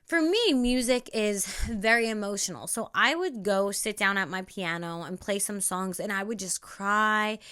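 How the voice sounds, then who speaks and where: A young woman hosting a spiritual self-help podcast, talking in an emphatic, repetitive, animated way. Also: mid-range voice, normal speed, hardly any pauses, smooth. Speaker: podcast host.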